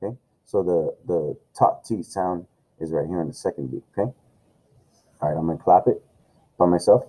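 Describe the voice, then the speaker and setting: A man's voice: low-pitched, expressive, moderate pace, warm tone, poor audio. A man teaching an online music lesson, loose and encouraging, talking with plenty of fillers. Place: home room with camera and tablet.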